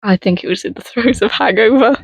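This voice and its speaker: A woman's voice: a little high, brisk, slightly rough, no echo, low-quality recording. Playful, laughing woman podcaster. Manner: laughing often, playful teasing. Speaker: podcast co-host. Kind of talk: casual chat.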